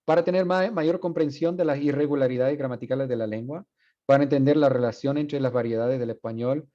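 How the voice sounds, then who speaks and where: A Spanish male professor delivers a lively university lecture, saying example words out loud to demonstrate them. His voice sits at medium pitch and moves fast. The classroom recording is dull and lo-fi.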